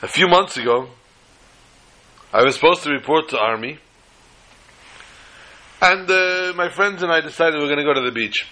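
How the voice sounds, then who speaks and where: A man's voice: on the high side, expressive, moderate pace, long pauses, low-quality recording. A man doing a hot-headed young soldier. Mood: recounting. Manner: shouting, accusing.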